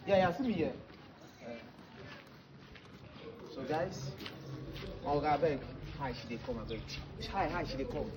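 A man's voice: fairly high pitch, expressive, unhurried, long pauses. A man with a Nigerian accent filming a street prank video, pleading and apologizing as he delivers a package. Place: outdoors on a street. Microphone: handheld camera. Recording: distant voice over loud street noise.

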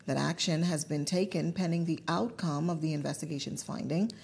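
Female news anchor, formal read, low pitch with some fry. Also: fairly even intonation, a little mellow. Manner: measured, formal. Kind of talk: news reading.

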